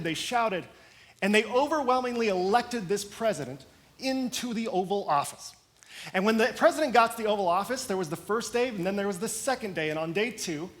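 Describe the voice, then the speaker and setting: A male pastor preaching a sermon, retelling a story with expressive, dramatic emphasis. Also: high voice.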